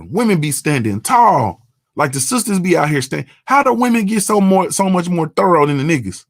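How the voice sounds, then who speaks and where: A man's voice: on the high side, sing-song, brisk, no room sound, clean studio sound. A man, hosting a morning show and talking bluntly and profanely in a casual monologue. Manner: blunt, profane, repeats "you understand what I'm saying".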